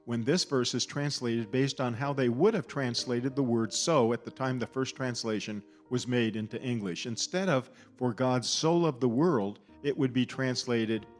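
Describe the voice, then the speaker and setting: Measured male Bible teacher over music. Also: mid-range voice. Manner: measured, deliberate, stresses key words. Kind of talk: scripted Bible teaching narration.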